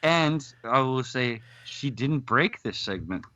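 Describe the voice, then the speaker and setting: Lively, bright Canadian man co-hosting. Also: medium pitch, no echo, muffled recording. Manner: joking, quick reactions. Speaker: podcast co-host. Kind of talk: casual podcast chat.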